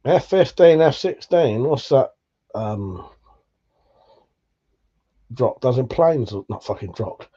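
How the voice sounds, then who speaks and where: A man's voice: medium pitch, expressive, slow, long pauses, mellow, lo-fi sound. A man hosting a livestream, reading viewer messages aloud and bantering with lots of swearing and jokes. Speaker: livestream host. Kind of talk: casual live chat reading viewer messages.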